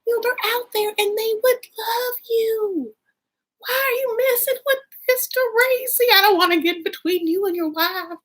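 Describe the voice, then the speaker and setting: A woman voicing a fretting Southern Christian mother with a breathy, high, sing-song voice and a Southern accent. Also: normal speed, fairly bright tone. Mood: pleading.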